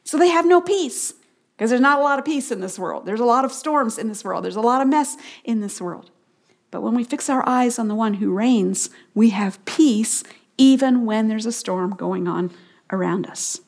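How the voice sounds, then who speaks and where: Woman teaching the Bible, slow repetitions. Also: fairly high pitch, expressive, gravelly. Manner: slow call-and-response repetition of key phrases.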